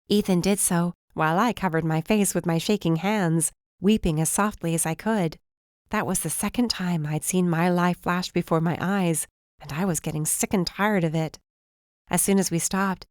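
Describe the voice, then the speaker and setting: A woman reading a first-person mystery audiobook in a measured, even storytelling manner. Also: lowish voice, no room sound, studio quality. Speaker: audiobook narrator.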